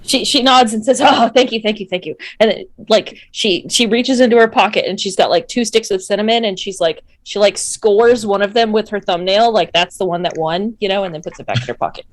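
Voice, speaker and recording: A woman's voice: mid-range voice, fairly quick, hardly any pauses, no echo. A woman player in a tabletop game, chatting and describing what her character does. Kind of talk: casual tabletop game chat.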